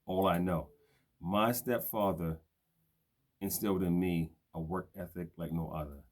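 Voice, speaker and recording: Older Brooklyn man, very deep voice, New York accent, casual slangy live-stream host. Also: fairly even intonation, unhurried. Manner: streetwise slang, shouts out viewers by name. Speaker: host of a live video show.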